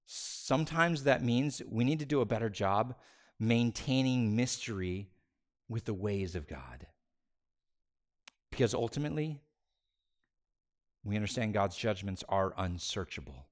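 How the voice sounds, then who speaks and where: A man preaching a sermon as pastor, swinging between loud, raised passages and hushed, near-whispered phrases, and slowing down to stress key words. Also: lowish voice, expressive. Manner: slows down on key words for emphasis.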